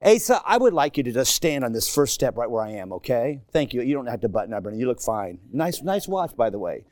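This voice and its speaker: A middle-aged man preaching a sermon in a church, swinging from shouted emphasis to hushed asides and joking with the congregation. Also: mid-range voice, very animated, fairly quick, no room sound, clean studio sound. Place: church sanctuary.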